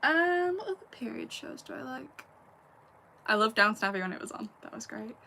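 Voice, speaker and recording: An animated woman's voice on the high side, at normal speed, with vocal fry and a sharp tone. The speaker is an English YouTuber in her late twenties with a Lancashire accent and a slight Scouse edge. She casually works through live chat questions, laughing frequently and drifting into asides.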